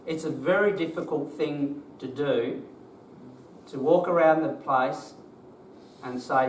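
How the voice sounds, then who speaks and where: A man's voice: on the high side, slow, slight background noise. An older man with an Australian accent, a business owner telling a group his story in a plain-spoken, emotional way, with rhetorical questions. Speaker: business owner giving a talk. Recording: roomy, distant mic, faint background ambience.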